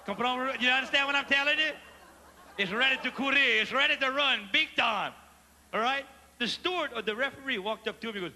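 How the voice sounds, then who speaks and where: High bright Cajun man doing stand-up. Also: brisk. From Louisiana. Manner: animated, mixes Cajun French phrases, asks audience questions. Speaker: stand-up comedian. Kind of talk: live stand-up storytelling. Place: large theater stage before a live audience. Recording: live theater recording with hall reverb and faint ambience.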